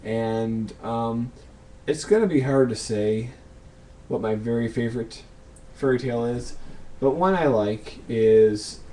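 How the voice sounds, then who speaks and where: A young man answering viewer questions in a casual vlog, thinking aloud with lots of ums and pauses. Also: mid-range voice, warm tone, a little hiss or hum.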